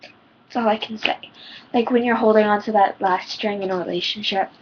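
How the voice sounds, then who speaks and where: Teenage girl with a husky, shaky voice. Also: mid-range voice, steady tone, normal speed, dull audio. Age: teens. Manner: rambling, heartfelt, many ums. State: voice shaking, near tears. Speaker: vlogger. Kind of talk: personal advice vlog.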